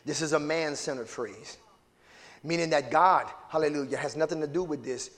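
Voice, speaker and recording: A man preaching a sermon as pastor, calling out to the congregation and swinging between low murmurs and shouts. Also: normal speed.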